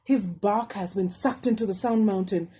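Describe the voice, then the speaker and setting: A woman's voice: mid-range voice, moderate pace, dark tone, husky, close to an everyday voice. A woman voicing a sad male island villager in a storybook read-aloud. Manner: mournful.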